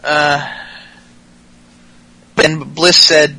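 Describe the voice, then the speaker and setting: A man's voice: on the high side, flat delivery, drawn-out words, gravelly, sharp tone, poor audio. Profane, laughing male podcast host. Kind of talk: casual chat recapping wrestling.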